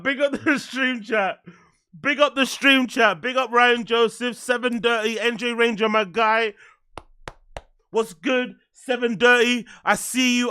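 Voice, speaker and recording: A man hosting his own livestream, talking loosely in slang to his chat. His voice sits high for a man, with a bright, sharp edge. He circles back and repeats lines again and again. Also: clear, resonant tone. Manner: slangy, repeats phrases over and over. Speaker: livestream host.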